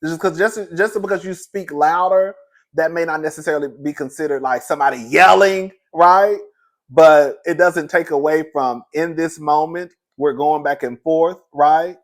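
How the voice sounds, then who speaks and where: A man's voice: fairly high pitch, normal speed. A young man recapping a reality show in casual, sassy commentary, laughing often and calling the listener "girl".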